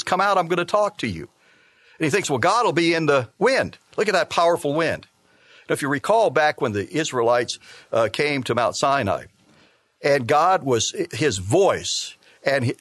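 A man preaching a sermon, reading scripture aloud and explaining it with measured, emphatic delivery. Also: fairly high pitch, a bit bright, no room sound. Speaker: pastor.

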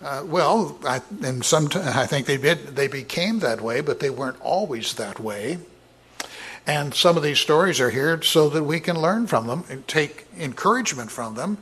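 A man preaching a sermon in a halting way, with many filler words and frequent throat clearing. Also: on the high side, lively intonation, a bit bright. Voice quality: husky, clears throat often.

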